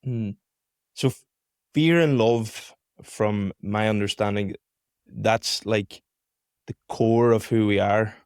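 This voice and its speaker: A male podcast host speaks in a low, unhurried voice, feeling his way through his thoughts with pauses and fillers. The sound is dry and close, with no room around it. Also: darkish tone, clean tone, dry recording. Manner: thoughtful, hesitant, uses fillers. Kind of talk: casual conversation.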